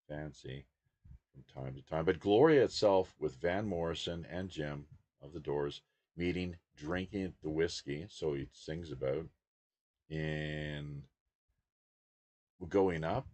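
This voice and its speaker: A man hosting a podcast, chatting casually and rambling about music, often trailing off quietly. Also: a bass voice, no echo. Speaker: podcast host.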